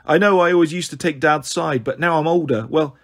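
A man with a husky voice reading a novel aloud in lively first-person storytelling. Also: on the high side, brisk. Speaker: audiobook reader.

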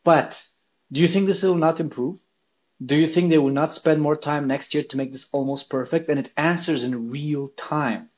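A man hosting a tech video, talking casually and excitedly to viewers. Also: on the high side, normal speed, highs cut off. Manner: excited, emphatic.

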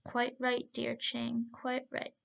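A gentle, soothing young man from a storybook tale, read by a woman in a high, gravelly voice. He talks earnestly and kindly, through a muffled lo-fi recording. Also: level tone, normal speed.

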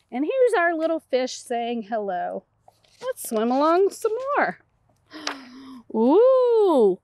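A woman's voice: high voice, very animated, measured pace, dry recording, studio quality. Sing-song woman reading to toddlers. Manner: sing-song, exaggerated and encouraging, with many delighted gasps. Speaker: children's librarian.

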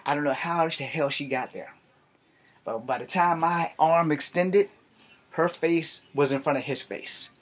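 A man telling a story from his youth in a casual live stream, animated and profane. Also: a little high, breathy edge.

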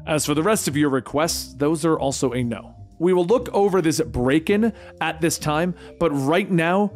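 Man reading a cool female leader for a comic recap, measured and dismissive, voice moving up and down. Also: on the high side, lightly acted. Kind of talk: comic book story narration.

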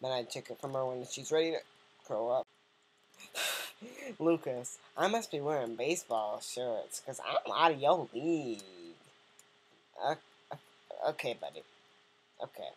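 A woman's voice: very deep voice, very animated, measured pace, pauses often, slight background noise. A woman giving casual, joking let's-play commentary and chatting to the game's characters. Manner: joking, rambling, talks to game characters.

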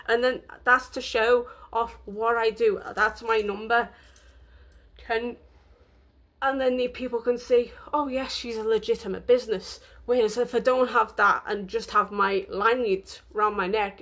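Woman vlogging, kinda emotional and rambly, lots of ums and likes, slightly high voice. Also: pushed and bright. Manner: rambling, emotional, many fillers. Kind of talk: casual vlog talk.

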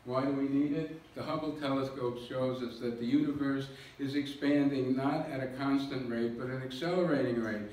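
A man speaks at normal speed with hardly any pauses, his medium-pitched voice slightly mellow and fairly even in intonation. He's giving a jokey, self-mocking public lecture, explaining slides step by step, recorded from a distance in an echoey hall.

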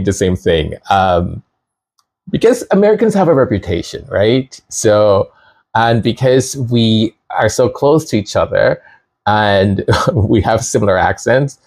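A middle-aged Canadian man gives a casual commentary monologue to his viewers, chatty and rambling, laughing often and restarting sentences. His voice is lowish with a darkish tone.

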